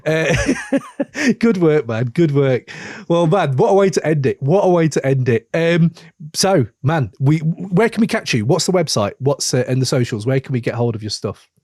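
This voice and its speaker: A man's voice: on the high side, animated, moderate pace, a little mellow, no room sound, studio quality. An English man hosting a music podcast, chatting in a friendly, upbeat way and often repeating himself. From England. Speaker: podcast host. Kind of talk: casual interview chat.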